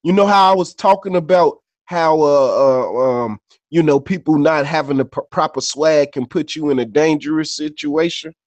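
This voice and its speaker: A man with a somewhat high voice talks loosely on a podcast, spinning stories in street slang. He swears freely and leans on filler tags after nearly every phrase. The recording is dry and close, with no room sound. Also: moderate pace, hardly any pauses, a little mellow, dry recording. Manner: loose, conversational storyteller. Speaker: podcast co-host. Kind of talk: casual unscripted chat and storytelling.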